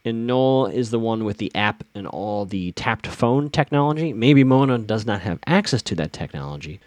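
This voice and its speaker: A man's voice: medium pitch, no echo, studio quality. Chatty man recapping a TV episode. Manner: chatty, opinionated, frequent restarts. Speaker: TV recap podcaster.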